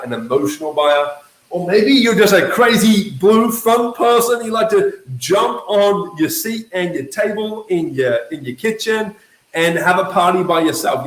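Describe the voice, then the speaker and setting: Brief: high-pitched male sales coach, animated and emphatic, echoey room. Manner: emphatic, keeps checking in with "okay?" and "right?"; lively, acts out quoted voices. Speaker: network marketing coach. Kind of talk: motivational talk to camera.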